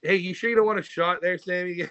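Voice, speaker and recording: A man's voice: high voice, fairly even intonation, fast talker, pushed and bright, clean tone, dry recording. A man hosting a podcast, joking crudely and laughing often in casual banter. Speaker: podcast host. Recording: dull lo-fi podcast audio.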